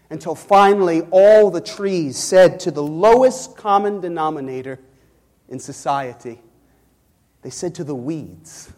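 High-voiced man preaching in an echoing church. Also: darkish tone. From Chicago. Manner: preaching with rising emphasis and audience call-outs. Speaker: pastor. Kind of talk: sermon. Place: church sanctuary. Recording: long reverb in a church hall.

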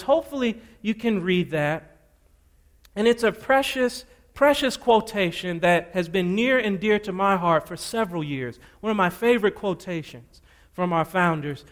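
A man preaching a sermon in a church, emphatic and repetitive with playful asides, speaking into a pulpit microphone. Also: high-pitched. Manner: emphatic, repeats scripture references, playful asides. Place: church sanctuary.

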